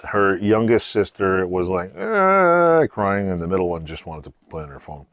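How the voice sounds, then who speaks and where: The middle-aged man has a low voice and talks fairly quickly, with no room sound in the recording. As channel host, he casually jokes with his daughter in his home garage workshop, relaxed and laughing often.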